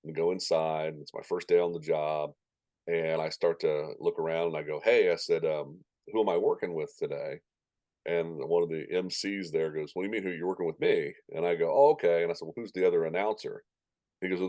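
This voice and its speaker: A man with a low, mellow voice tells stories in a relaxed interview. He jumps into other people's voices as he acts out the exchanges. The sound is close and dry. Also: dry recording. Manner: animated anecdotes, acting out quoted voices. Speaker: stadium announcer, guest. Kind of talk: casual interview storytelling.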